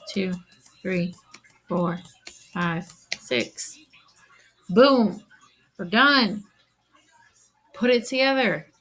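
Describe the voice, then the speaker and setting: A woman's voice: medium pitch, gravelly, fairly bright tone, rough recording. A woman teacher recording a math lesson, speaking straight to her students, counting aloud and checking that they follow.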